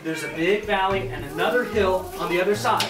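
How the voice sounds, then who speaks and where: A woman telling a Bible story to preschoolers, animated and coaxing the children to act it out with her. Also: mid-range voice, fairly quick. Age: adult. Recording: echoey hall, distant mic, loud music.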